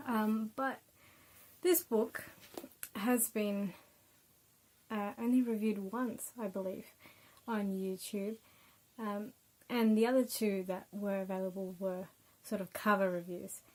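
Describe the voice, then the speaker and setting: A woman's voice: mid-range voice, fairly even intonation, takes it slowly, darkish tone, poor audio. A young Australian woman giving a casual, chatty book review with many ums and uhs.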